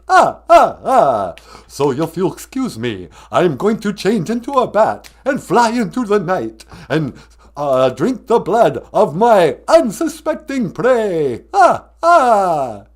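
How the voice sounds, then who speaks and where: A man voicing a theatrical old male vampire count with a booming, drawn-out manner and a cackling "ah, ah" laugh. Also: wildly swooping pitch, heavily acted.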